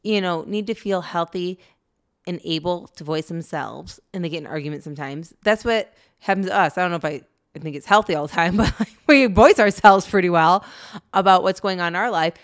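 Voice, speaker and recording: A woman's voice: lowish voice, brisk. A woman co-hosting a podcast in casual chat, earnest and chatty, laughing easily. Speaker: podcast co-host.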